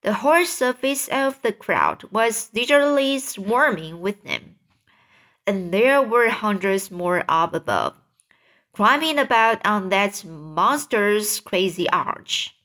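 A woman's voice: mid-range voice, sing-song, a bit bright. A woman reading a children's book aloud, often stumbling and restarting words. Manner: halting, stumbling over words. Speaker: reader.

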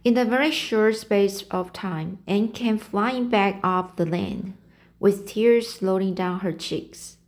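A woman reads a novel aloud slowly for learners. She halts, rereads and corrects herself, and stops to explain words. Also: medium pitch, darkish tone. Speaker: reading teacher. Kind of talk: slow read-aloud of a novel with word explanations.

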